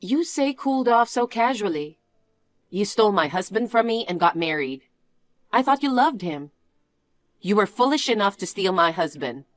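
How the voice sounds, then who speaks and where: A woman's voice: mid-range voice, expressive, moderate pace, no echo, studio quality. A woman reading the part of a wronged aunt in a dramatized story, speaking in a cold, curt and bitter way. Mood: indignant. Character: wronged aunt, a woman betrayed by her niece.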